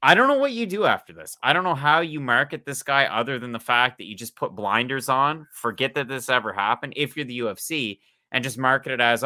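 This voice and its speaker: A man from Canada, co-hosting a casual podcast chat in an animated, joking way. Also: mid-range voice, a little fast, few pauses. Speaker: podcast co-host.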